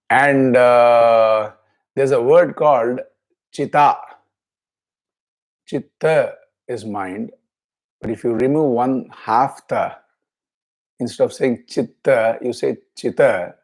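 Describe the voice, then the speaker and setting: Slow-speaking man teaching scripture. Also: medium pitch, a little mellow. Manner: slow, deliberate explaining, chants verses twice. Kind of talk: scripture class lecture.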